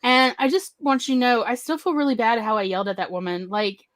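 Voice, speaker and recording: A woman hosting a casual talk show, telling a personal story in a lively way and acting out other people's lines in shifting voices. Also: a little high, brisk, no room sound. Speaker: podcast host telling a story.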